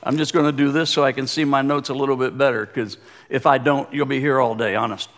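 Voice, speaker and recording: A man, a former pastor, giving a sermon with animated delivery and repeated phrases. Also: mid-range voice, fast. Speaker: guest pastor, former pastor of the church.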